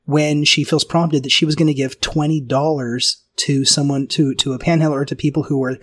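A man hosting a casual talk, telling a personal story in an animated way, often restarting his sentences. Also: a little high, brisk, breathy edge, dry recording. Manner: animated, self-interrupting storyteller with frequent restarts and laughs. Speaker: podcast host.

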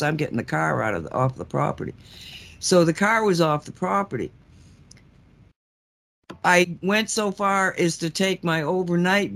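A man tells a personal story in a loose, rambling way, circling back and restarting his sentences. His voice sits a little on the high side for a man, and he gets animated as he talks. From South Florida. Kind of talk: casual storytelling.

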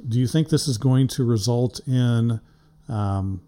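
A man hosting a relaxed interview, circling through long questions with frequent restarts. He laughs easily and keeps things light. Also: medium pitch, measured pace. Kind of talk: casual interview chat.

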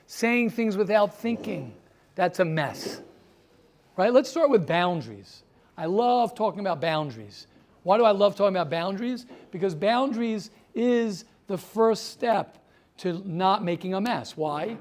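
A man with a notably high voice leads a yeshiva class. He talks animatedly, throwing out rhetorical questions and everyday stories to his students. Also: vocal fry, darkish tone. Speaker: yeshiva teacher. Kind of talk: lively classroom talk.

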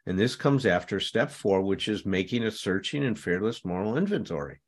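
A man's voice: fairly low pitch, moderate pace. Guy hosting a recovery chat, voice swings up and down a lot, really emphatic. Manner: animated, emphatic, acts out angry quotes. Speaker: host. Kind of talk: conversational talk on recovery.

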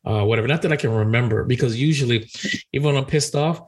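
A man with a slightly husky voice talking on a podcast, calm and matter-of-fact. He stays chill even when he is teasing. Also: medium pitch, fast talker. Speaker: podcast co-host. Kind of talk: casual podcast chat.

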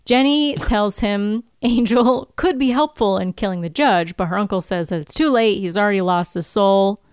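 A woman co-hosting a podcast, recapping a TV episode in casual chat, chatty and quick to laugh. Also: medium pitch, a little mellow, clear, resonant tone, no echo, clean studio sound. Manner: chatty, laughs often, many "like"s. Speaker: podcast co-host.

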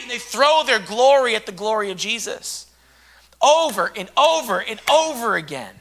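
A male preacher with a very high, bright voice, delivering an impassioned sermon. He swings between hushed, intimate lines and loud shouting. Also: animated, normal speed.

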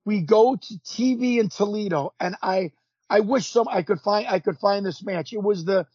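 This podcast guest, a former pro wrestler in his fifties, has a high-pitched, husky voice at a moderate pace with no echo. In a casual storytelling interview he's animated, acts out quotes, and often restarts sentences, all captured in dull lo-fi sound.

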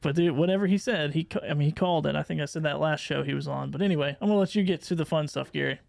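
A man with a slightly high, gravelly voice co-hosts a podcast in easygoing banter. His voice is dry and close, with little room echo. He laughs easily between his lines. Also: racing, darkish tone. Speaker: podcast co-host. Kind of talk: casual podcast chat.

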